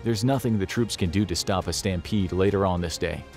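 A man's voice: low-pitched, a little fast, darkish tone, faint music behind. A man narrating a scripted documentary in a grave, dramatic storytelling manner.

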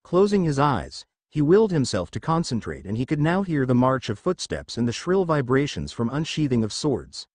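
A man's voice: mid-range voice, big pitch swings, normal speed, few pauses, darkish tone, no echo, clean studio sound. A man reading fan fiction aloud as a narrator, telling the story expressively. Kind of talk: scripted fanfic narration.

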